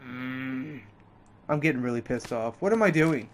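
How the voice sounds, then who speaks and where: A man's voice: animated, moderate pace, slight background noise. A man playing a video game and commenting on it, frustrated and swearing a lot, his voice jumping up when he snaps. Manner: frustrated, heavy swearing, pitch jumps up in outbursts. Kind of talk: let's play commentary.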